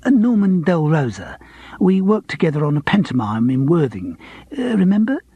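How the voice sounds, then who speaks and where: A man's voice: fairly high pitch, big pitch swings, normal speed, dark tone, husky, no room sound, voice pushed up. A man voicing a fussy, flustered male pianist who stammers and is overly familiar. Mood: eager.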